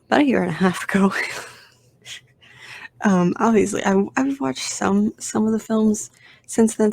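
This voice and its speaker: A woman's voice: mid-range voice, creaky, a little mellow. A woman hosting her own podcast, talking casually and rambling with lots of fillers, restarts and self-deprecating asides. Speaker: podcast host. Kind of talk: casual solo podcast talk.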